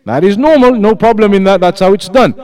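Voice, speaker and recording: A man's voice: high voice, expressive, brisk, a little mellow. A man teaching an Islamic lesson, explaining points patiently, repeating them and putting questions to his students.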